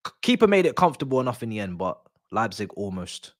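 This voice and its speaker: A young man chatting casually on a football watch-along stream, joking and laughing in slang and erupting loudly at near-misses. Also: on the low side, sing-song, quick pace, no echo, clean studio sound. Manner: laughing, nostalgic banter with slang, loud bursts at near-misses.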